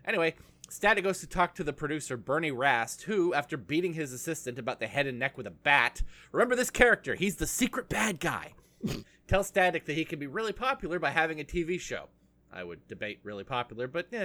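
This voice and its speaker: A man's voice: fairly high pitch, bright, forceful tone. A man co-hosting a podcast, recapping a cartoon episode in casual chat, sarcastic and rambling with lots of fillers. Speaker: podcast co-host.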